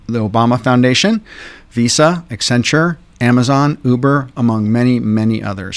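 A man's voice: medium pitch, no echo. A man hosting a podcast interview, upbeat and enthusiastic as he introduces his guest. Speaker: podcast host.

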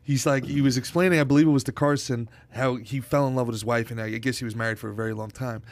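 A man co-hosting a podcast, retelling a story in a quick, chatty way. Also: medium pitch, fairly even intonation, no room sound. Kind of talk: casual chat, retelling a story.

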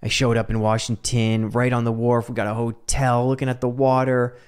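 A man's voice: medium pitch, flat delivery, normal speed, a little mellow, clear, resonant tone. A man hosting a solo podcast, talking casually and animatedly, laughing often and swearing now and then. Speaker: podcast host.

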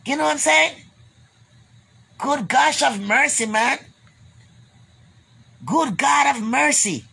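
She takes it slowly, her high voice gravelly and sharp-toned. This Jamaican vlogger rambles profanely and bluntly at her viewers, repeating herself, and signs off with blessings.

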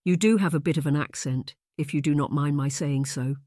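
A man's voice: on the high side, a little fast, darkish tone, no echo, clean studio sound, lightly acted. A man voicing the smug, teasing young Marquis. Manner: smug, needling.

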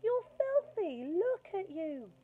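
A woman's voice: very high-pitched, sing-song, slow, pitched above the performer's own voice, heavily acted. A woman voicing an exasperated, scolding mother in a children's story read-aloud. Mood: wailing. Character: exasperated busy mother, scolding but fond. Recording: tinny phone-like sound, faint hiss.

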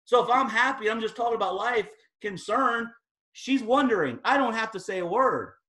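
A man's voice: very high voice, animated, normal speed, sharp tone. A man speaking as a guest at a sales team training, delivering a motivational talk in an emphatic, fired-up and casual, slangy way.

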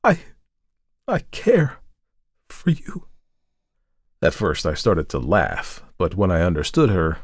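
Deep-voiced man reading a story. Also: vocal fry, no echo, studio quality. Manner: measured, dramatic storytelling. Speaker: narrator. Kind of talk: scripted audiobook narration.

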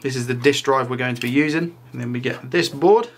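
A man's voice: medium pitch, fairly quick. A young man casually talking viewers through a console repair in a chatty, upbeat way. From United Kingdom. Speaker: tech repair YouTuber.

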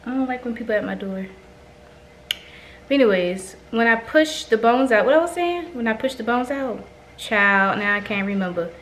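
A woman's voice: fairly high pitch, expressive, normal speed, fairly bright tone, a little hiss or hum. A young woman vlogging casually from her home kitchen, chatting to herself as she cooks. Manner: chatty, talks to herself while cooking. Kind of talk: casual cooking vlog chat.

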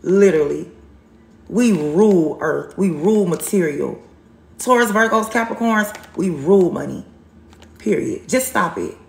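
A woman's voice: on the low side, lively intonation, a little slow, gravelly, a little mellow, reverberant, a little hiss or hum. A woman giving a live tarot reading, blunt and sassy, repeating herself for emphasis. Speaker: tarot reader on a livestream.

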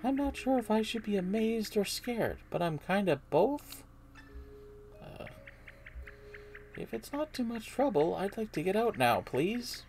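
A woman voicing a gentle young female origami spirit, trapped and timid, pleading softly and politely. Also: mid-range voice, sing-song, measured pace, pauses often, soft background music, voice pushed up. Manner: soft, polite, hesitant pleading.

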